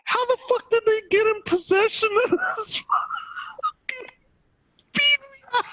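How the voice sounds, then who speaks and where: A man co-hosting a casual podcast who teases his friend and laughs often, with a slow drawl. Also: extremely high pitch, bright, forceful tone, no room sound, lo-fi sound. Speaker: podcast co-host. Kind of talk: casual chat.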